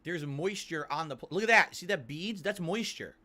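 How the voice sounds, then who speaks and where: A man reviewing a sandwich on stream while he eats, describing each bite slowly and with relish. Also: a little high, bright, forceful tone. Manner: savoring, drawn-out descriptions between bites. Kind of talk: food review while eating.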